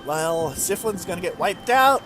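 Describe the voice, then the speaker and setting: A man's voice: high voice, expressive, unhurried, over music. A man giving casual, chatty commentary over his strategy game let's play, swearing now and then. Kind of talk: gameplay commentary.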